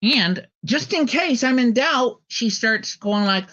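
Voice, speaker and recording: A man's voice: very high-pitched, expressive, takes it slowly, pushed and bright. Male podcast host, rambling casual commentary, restarts often, slightly dull lo-fi recording. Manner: rambling, full of ums and restarts.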